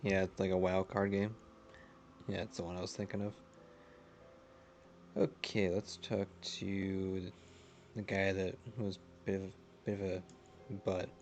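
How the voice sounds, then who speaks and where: A man's voice: low-pitched, flat delivery, measured pace, pauses often, a little mellow, slight background noise. A man streaming a video game live, chatting casually, reading chat aloud and often laughing.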